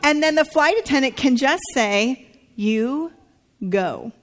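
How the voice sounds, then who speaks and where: A woman preaching to a congregation, telling a story with lively acted-out quotes. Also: sits high, moderate pace. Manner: animated storytelling, acts out quotes. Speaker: pastor. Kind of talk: sermon dialogue.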